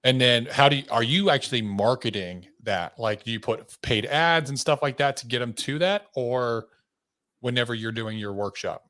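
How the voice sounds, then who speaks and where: A man hosting a podcast, telling stories in a relaxed, chatty way with fillers and some swearing. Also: mid-range voice, normal speed. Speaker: podcast host, insurance agent. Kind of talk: casual podcast conversation.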